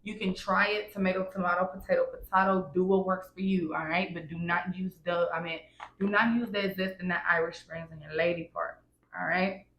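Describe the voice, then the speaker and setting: A woman's voice: on the low side, fairly even intonation, a little fast, a bit bright, slight background noise. A woman vlogger giving hygiene tips in a casual, blunt, insistent way, often checking in with "all right?". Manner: emphatic, repeats "all right?" and "wash, wash". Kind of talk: casual instructional vlog. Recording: echoey room, faint ambience.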